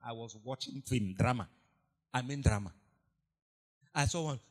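A man preaching a sermon, telling stories and acting out the voices of the people in them, moving from hushed asides to loud cries. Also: medium pitch, moderate pace. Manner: animated storytelling, acts out quoted voices, swings from hushed to shouted. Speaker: pastor.

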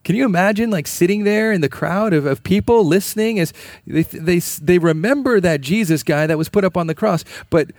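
A man's voice: high-pitched, fairly quick, few pauses, a little mellow, dry recording, studio quality. A man preaching a sermon in an earnest, emphatic way, repeating key phrases. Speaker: pastor.

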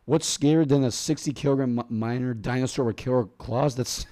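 A young man in casual podcast chat, excitable and filler-heavy, who swears often. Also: mid-range voice, a little fast, few pauses. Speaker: podcast co-host.

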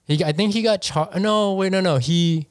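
Guy chatting with friends, animated, keeps quoting people, dry close sound. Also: high-pitched, no echo. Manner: animated, quotes people in quick asides. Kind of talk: casual chat.

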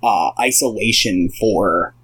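A man's voice: on the low side, takes it slowly, husky, low-quality recording. A young man co-hosting a podcast, casually retelling a film with lots of fillers. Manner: relaxed retelling with many fillers. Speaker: podcast co-host.

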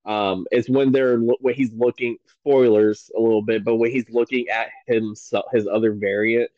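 A man's voice: medium pitch, little pitch movement, normal speed, a little mellow, no room sound, highs cut off. A man guesting on a podcast, talking eagerly and loosely about his favorite film and TV moments, full of "um" and "like.". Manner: enthusiastic, rambling with many fillers. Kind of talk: casual podcast chat.

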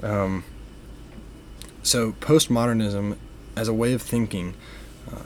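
A young man co-hosting a faith podcast, explaining ideas in a measured way with frequent fillers. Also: lowish voice, fairly even intonation, a little hiss or hum. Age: young adult. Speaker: podcast co-host. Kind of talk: casual faith discussion.

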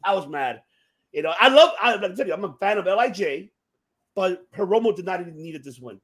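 A man co-hosting a casual wrestling podcast, profane and excitable. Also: high voice, a little fast, slightly rough. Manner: profane, excitable, shouts in frustration. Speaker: podcast co-host.

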